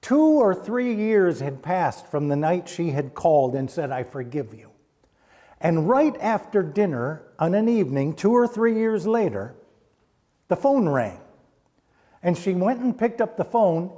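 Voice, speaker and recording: A middle-aged man preaching a storytelling sermon in a church sanctuary, dropping to a hushed voice at solemn moments. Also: sits high, sing-song, unhurried. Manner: hushes to a near-quiet voice at solemn points. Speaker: pastor.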